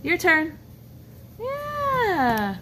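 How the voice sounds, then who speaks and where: A woman's voice: very high voice, wildly swooping pitch, drawn-out words, background noise. A woman reading a picture book aloud to a small child, coaxing and pointing things out with questions. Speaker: storybook reader for a child.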